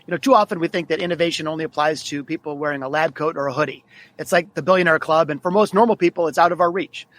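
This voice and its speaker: Man, 40s, podcast guest, quick energetic storytelling, slightly high voice. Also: no room sound. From Detroit, United States. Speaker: guest author. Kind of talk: podcast interview.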